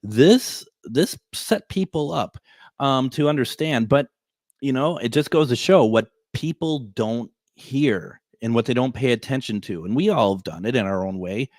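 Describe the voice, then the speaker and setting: A man in his forties hosts a radio show from the studio, telling a story to his listeners. He rambles and restarts his sentences, with chuckles along the way. His voice sits at an average pitch and sounds dry and close. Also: animated, moderate pace, darkish tone, no room sound. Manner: rambling, self-correcting, chuckling. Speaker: radio host.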